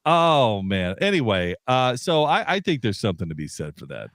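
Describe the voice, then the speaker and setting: A man co-hosting a sci-fi podcast in casual chat, emphatic and animated, repeating words as he builds a point. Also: mid-range voice, normal speed, dry recording, clean studio sound. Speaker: podcast co-host.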